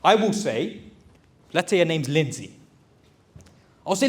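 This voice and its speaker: Male, 30s, high voice, motivational speaker, plain-spoken and pushy. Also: big pitch swings, a little slow, pauses often. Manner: direct, exhorting, addresses audience as brothers. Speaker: motivational speaker and recruitment business owner. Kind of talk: motivational talk to a live audience.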